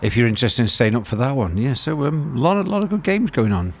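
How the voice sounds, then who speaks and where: A man's voice: medium pitch, lively intonation, fast talker, gravelly. A middle-aged man, hosting a breakfast radio show and rambling through sports results with many restarts. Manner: chatty, rambling with frequent restarts and fillers.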